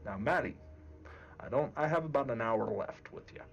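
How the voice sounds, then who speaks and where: A man speaking as a guest game master in a casual discussion, deliberate and emphatic. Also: medium pitch, lively intonation, vocal fry, lo-fi sound, soft background music.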